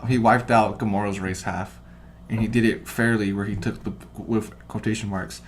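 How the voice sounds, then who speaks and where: A man's voice: fairly low pitch, steady tone, normal speed, slight background noise. Rambling, swearing man in casual chat. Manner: rambling, swears a lot, loud when quoting. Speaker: podcast co-host.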